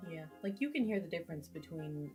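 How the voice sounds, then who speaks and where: A woman's voice: low-pitched, expressive, fast, mellow, soft background music. A woman chatting casually at home, with teasing, matter-of-fact banter. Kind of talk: casual chat.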